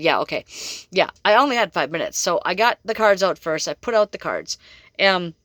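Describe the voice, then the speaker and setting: A woman's voice: fairly low pitch, animated, brisk, fairly bright tone, dry recording. A middle-aged woman psychic telling a story in a chatty, rambling way, laughing often. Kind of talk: casual storytelling monologue.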